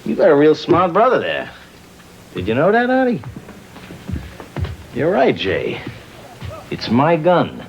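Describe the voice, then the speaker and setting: An actor playing a wisecracking, menacing gangster uncle with a New York accent, on a dull old film soundtrack. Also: male voice, on the high side, huge pitch swings, slow pace, long pauses, soft background music, full character voice. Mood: sly swagger. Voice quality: wisecracking, streetwise bravado. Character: swaggering tough-guy gangster uncle, menacing charm.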